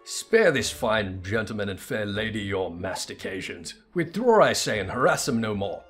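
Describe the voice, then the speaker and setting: A man voicing a pompous, befuddled gentleman inspector turned zombie, speaking in a grandiose, theatrical, old-fashioned way. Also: fairly low pitch, sing-song, normal speed, soft background music.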